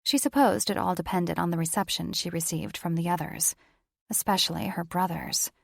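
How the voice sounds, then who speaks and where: A woman narrating a paranormal romance audiobook in measured, steady storytelling. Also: on the low side, vocal fry, no echo, clean studio sound. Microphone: studio microphone.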